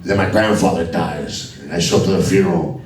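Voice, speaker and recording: A man's voice: sits low, fairly quick, a little mellow. A man from Alabama doing a crude, profane stand-up comedy set on a club stage. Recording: echoey club from a distance with crowd laughter.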